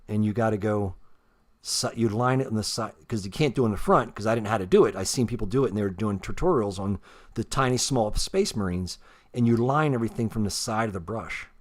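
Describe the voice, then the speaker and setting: A man with a lowish voice tells his story in a loose, casual ramble, swearing freely and poking fun at himself. He talks while showing off a figure he painted himself. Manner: rambling, heavy swearing, self-deprecating. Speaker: custom action figure painter.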